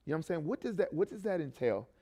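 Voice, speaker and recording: A man's voice: on the high side, big pitch swings, racing, mellow. A man who coaches a youth ministry, giving a sermon testimony in a conversational way, full of restarts and tag questions. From not from Baltimore. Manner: conversational, many fillers and restarts, frequent "right?".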